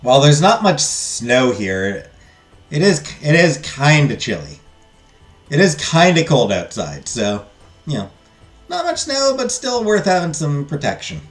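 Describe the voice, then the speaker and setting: A man's voice: on the high side, wildly swooping pitch, a little slow, faint music behind. A man hosting a let's play, reading a game's text aloud and joking with viewers in casual asides.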